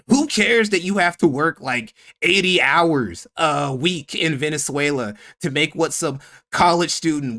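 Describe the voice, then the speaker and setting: A young male streamer in casual, rambling chat, sarcastic and heavy with profanity. His voice sits a little high for a man. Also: pushed and bright. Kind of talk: casual chat reacting to a clip.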